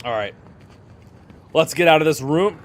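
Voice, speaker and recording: A man's voice: fairly high pitch, animated, unhurried, a little hiss or hum. A young man giving jokey, chatty commentary while streaming a video game. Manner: jokey, chatty, laughs often. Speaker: gaming streamer. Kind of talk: casual gaming commentary.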